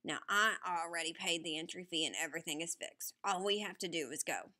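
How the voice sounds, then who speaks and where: A woman reading the part of a kindly, excitable old grandfather with folksy country talk, in an audiobook. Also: fairly low pitch, fairly quick. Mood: gentle, earnest.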